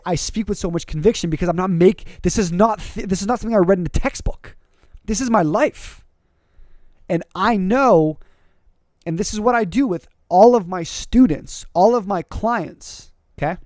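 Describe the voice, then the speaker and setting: A man hosts his own podcast as a public speaking coach. His voice sits a little high, and he pushes hard with emphasis and sudden energetic climbs. The recording is dry and close, with lots of "um"s and restarted words. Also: no room sound. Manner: energetic, emphatic, rising to excited peaks; many fillers and word repeats. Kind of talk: podcast monologue.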